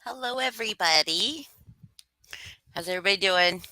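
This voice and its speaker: A woman's voice: medium pitch, normal speed, bright, forceful tone, no room sound. A young woman hosting a casual livestream, greeting viewers by name and teasing them with mock-rude jokes. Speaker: livestream host greeting chat.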